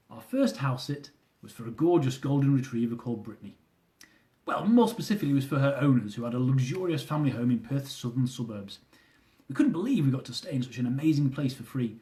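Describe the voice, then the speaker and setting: Animated man reading a comic memoir. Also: mid-range voice. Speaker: author. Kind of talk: reading his own memoir aloud.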